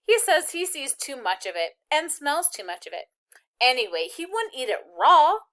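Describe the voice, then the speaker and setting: A woman reading aloud who voices a brave young girl, raising her voice higher and chattering, then turning insolent. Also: big pitch swings, moderate pace.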